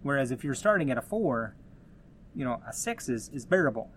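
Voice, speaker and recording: A man talks through his solo podcast in a loose, conversational way. He rambles, restarts his sentences and drops in asides as he goes, at a middle pitch for a man. A faint hum sits under his voice. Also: very animated, brisk, fairly bright tone. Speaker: podcast host. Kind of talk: casual solo podcast talk.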